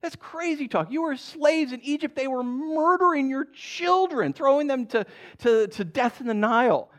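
Animated, conversational man preaching. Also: very high voice, normal speed. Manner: conversational, animated, with asides and laughs. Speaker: pastor. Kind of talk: sermon.

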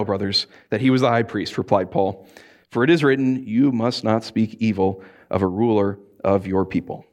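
A man preaching a sermon, telling stories in an animated way, acting out voices and laughing often. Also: on the low side. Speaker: pastor.

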